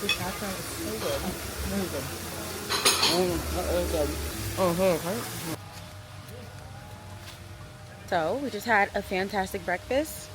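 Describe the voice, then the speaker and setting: A young woman vlogging casually, gushing and excited as she shows around. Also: fairly low pitch, a little slow, pauses often, noisy background. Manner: bubbly, gushing. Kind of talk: casual vlog narration.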